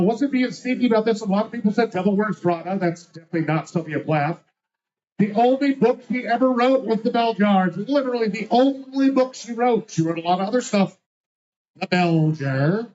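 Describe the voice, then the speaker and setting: A man's voice: high-pitched, a little mellow. A man hosting a live trivia night, reading out answers with a teasing, sarcastic manner. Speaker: trivia host. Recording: dull lo-fi sound.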